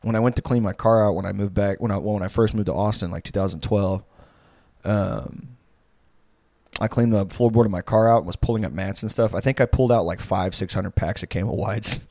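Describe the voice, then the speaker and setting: A man's voice: on the low side, steady tone, a little fast, vocal fry, a little mellow, no room sound, studio quality. A man in his twenties co-hosting a podcast, telling long profane stories in a rambling, casual way with lots of fillers. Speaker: podcast co-host. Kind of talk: casual chat.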